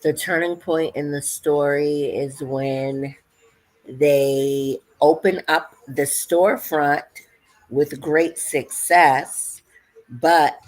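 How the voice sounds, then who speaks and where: Low-voiced woman in relaxed banter. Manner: laid-back, joking, answers questions in short lists. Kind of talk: casual livestream chat.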